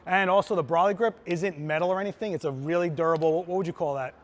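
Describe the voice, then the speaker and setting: A male photographer leads a live hands-on demonstration. His voice sits a touch higher than most men's, and he explains things in an easygoing, excited way, talking his audience through each step like a friendly teacher. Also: fast talker. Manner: casual, enthusiastic, chatty teacher. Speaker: photographer giving a gear demo. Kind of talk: live instructional demo. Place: trade show floor.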